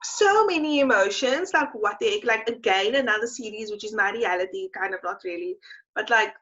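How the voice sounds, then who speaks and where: A young woman co-hosting a podcast, chatting casually and gushing with animated enthusiasm. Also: medium pitch. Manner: gushing, animated, quick to laugh. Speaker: podcast co-host. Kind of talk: casual chat. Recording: dull lo-fi sound.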